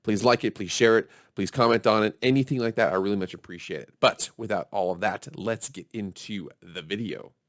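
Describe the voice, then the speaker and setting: A man's voice: fairly low pitch, brisk, few pauses, dry recording, studio quality. A man hosting a football show in casual, upbeat commentary, chatty and hyping his viewers. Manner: upbeat and chatty, hypes the audience.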